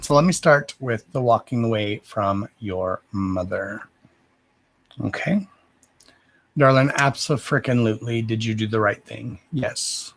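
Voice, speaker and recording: A man hosting a live psychic reading stream, answering viewers slowly and deliberately and often calling them "darling". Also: lowish voice, no echo. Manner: slow and deliberate, calls viewers "darling", says "okay" again and again.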